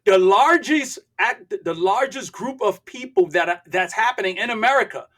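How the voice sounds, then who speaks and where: Husky, emphatic older man. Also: sits high, animated, moderate pace. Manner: emphatic and preachy, repeats points, sometimes shouting. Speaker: podcast guest. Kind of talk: impassioned podcast talk.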